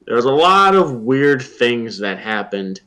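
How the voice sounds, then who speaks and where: A man's voice: medium pitch, big pitch swings, a little slow, pushed and bright. A man chatting casually on a podcast, telling stories about being at a race with lots of fillers and quoted asides. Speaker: podcast guest.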